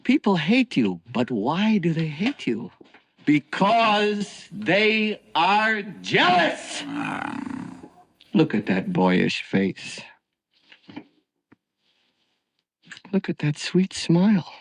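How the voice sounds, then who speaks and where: Theatrical young doctor, high voice, swooping pitch, slow and grand, comedy film. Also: male voice, no room sound, full character voice. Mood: flattering. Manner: grand, declaiming delivery swinging to gushing flattery. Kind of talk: 1970s comedy film acting.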